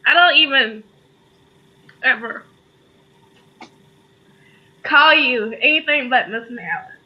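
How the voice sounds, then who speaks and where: A woman's voice: high-pitched, takes it slowly, dull audio. A woman co-host giving a heartfelt spoken tribute, fighting back tears as she talks. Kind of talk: emotional tribute in casual talk.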